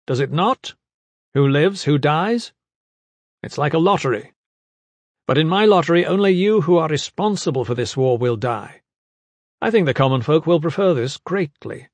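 Brief: male narrator doing a furious warlord who barks orders, pushed high and loud, dry booth sound. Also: lively intonation, moderate pace, pauses often, no room sound. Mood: menacing. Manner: shouting commands.

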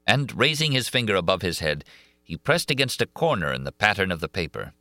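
Male audiobook narrator, low but lively voice, bright, dry close recording. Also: brisk, no echo. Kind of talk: scripted narration.

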